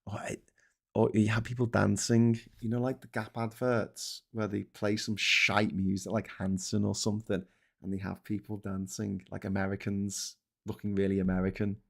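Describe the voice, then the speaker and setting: A man's voice: on the low side, little pitch movement, moderate pace, vocal fry. A middle-aged British man hosting a casual live stream, rambling, swearing often and mocking himself as he reads comments and papers. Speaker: host.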